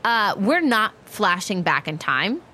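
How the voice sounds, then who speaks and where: A woman running a tabletop game as game master, narrating in a playful, quick manner. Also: medium pitch, sing-song, sharp tone, slight background noise. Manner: playful, quick, laughing often.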